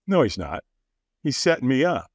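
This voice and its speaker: Speaking at a moderate pace in a mid-range voice with a breathy edge, a male podcast guest animatedly recounts a story in conversation. He laughs frequently and performs other people's quoted lines, all in a dry, clean studio recording.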